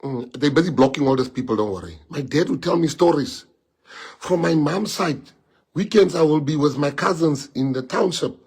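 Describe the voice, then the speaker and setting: Husky impassioned man on a live stream. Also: a little high, expressive, moderate pace. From South Africa. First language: Afrikaans. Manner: impassioned, rhetorical questions, swings from quiet to loud. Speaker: livestream speaker. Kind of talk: emotional live stream monologue.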